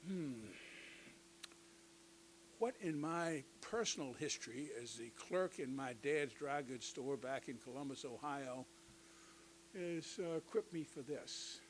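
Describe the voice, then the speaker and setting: A man voicing a puzzled Union officer who muses aloud in a quiet, self-questioning way. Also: on the high side, slow pace, a little hiss or hum, low-quality recording. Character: puzzled Union officer, former store clerk, adult man.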